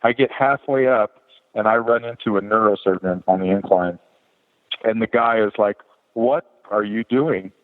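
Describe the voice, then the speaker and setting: Man telling a story over a tinny, echoing line. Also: moderate pace. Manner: lively, jumps higher to act out quoted people. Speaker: podcast guest. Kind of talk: animated personal storytelling. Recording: tinny phone-like line with long reverb.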